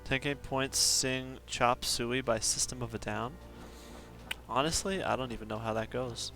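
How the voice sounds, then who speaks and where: A man's voice: medium pitch, steady tone, a little slow, sharp tone, faint music behind. A man chatting casually on a live game stream, chuckling often as he reads out viewer requests. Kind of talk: casual live-stream chat while gaming.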